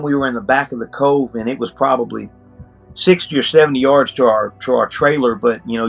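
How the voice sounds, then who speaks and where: A middle-aged man as an interview guest, earnestly telling a story in a halting, casual way with many restarts. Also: mid-range voice, vocal fry, a bit bright.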